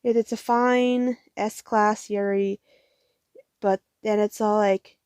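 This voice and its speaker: A young woman rambles through her latest manga haul in a mellow, warm voice, cursing freely and talking herself into bursts of excitement. She sounds tired. The sound is close and dry, with no room echo. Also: medium pitch, slow, smooth. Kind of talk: casual haul vlog.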